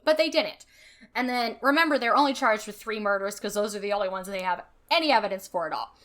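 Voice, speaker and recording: A woman's voice: medium pitch, quick pace, a bit bright. Chatty woman podcast host. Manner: chatty, filler-heavy, reads quotes aloud. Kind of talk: casual podcast storytelling.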